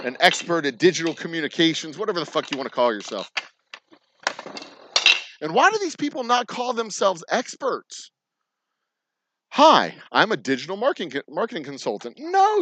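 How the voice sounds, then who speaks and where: Man, Texan accent, profane, sarcastic rant, lively pitch swings. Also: a little hiss or hum, poor audio. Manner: profane, sarcastic, mocking imitations. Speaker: distillery owner hosting a channel. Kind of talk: ranting casual talk to camera.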